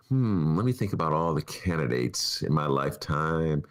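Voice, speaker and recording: Very deep and smooth, this older Chicago-accented podcast host speaks animatedly at normal speed. His talk show monologue is sarcastic and comic, ridiculing what he reads aloud in mocking voices.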